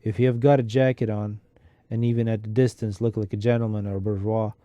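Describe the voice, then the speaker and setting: A man's voice: fairly low pitch, level tone, fast, mellow, dry recording, lo-fi sound, natural voice. A man reading the part of a sick, bitter, mocking middle-aged Russian clerk in a sardonic, lecturing way.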